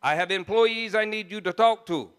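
A man's voice: high-pitched, normal speed, a bit bright, smooth. A man imitating a wealthy, heavyset Trinidadian businessman who talks in clipped, broken English and gives brusque commands. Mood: commanding. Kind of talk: mimicry within a sermon story.

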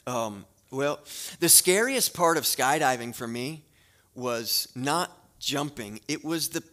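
A man preaching a sermon as a guest pastor in a church, telling a story in a relaxed conversational way with fillers before a prayer. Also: mid-range voice. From Florida. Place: church sanctuary.

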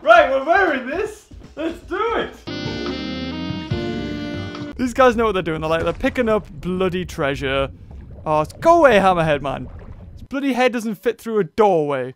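Yelping gamer man, high voice. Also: very animated, normal speed, long pauses. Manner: yelps, shouts and laughs at the game. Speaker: gaming video creator. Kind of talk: excited gameplay commentary. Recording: game music playing behind the voice.

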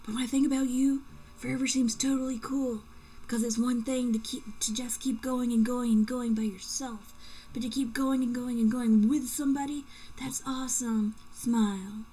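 A woman's voice: on the high side, steady tone, moderate pace, dark tone, slight background noise, natural voice, low-quality recording. A woman reading as a clingy lovesick young man. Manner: reading aloud with mock drama. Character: lovesick possessive young man writing letters.

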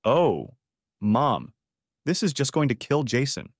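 A man's voice: medium pitch, big pitch swings, takes it slowly, no room sound, clean studio sound, pitched above the performer's own voice. A man voicing a distressed young bride who stammers through tears in an audiobook story.

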